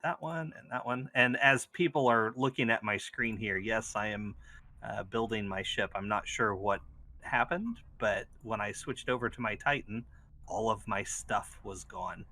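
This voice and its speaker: A man co-hosting a casual gaming podcast, upbeat and quick to laugh. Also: fairly low pitch, bright, forceful tone. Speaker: co-host.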